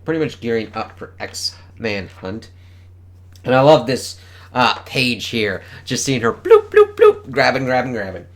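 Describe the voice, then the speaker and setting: A man's voice: medium pitch, unhurried, a bit bright. A man casually reviewing a comic book, enthusiastic and swearing often as he reads panel dialogue aloud.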